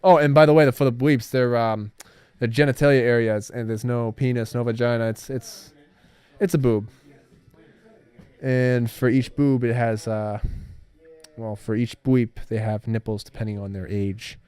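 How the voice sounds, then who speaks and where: A man's voice: mid-range voice, fairly even intonation, moderate pace, darkish tone, clear, resonant tone. A young man rambling through his made-up stories in a casual livestream chat, hesitant and full of fillers and restarts.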